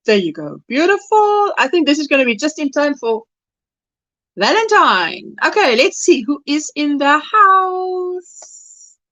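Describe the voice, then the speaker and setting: South african lady chatting on a crafting livestream, high voice, dry muffled sound. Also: very animated, unhurried, bright, forceful tone, no echo. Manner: affectionate greetings to viewers by name. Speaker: crochet livestream host. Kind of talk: casual livestream chat.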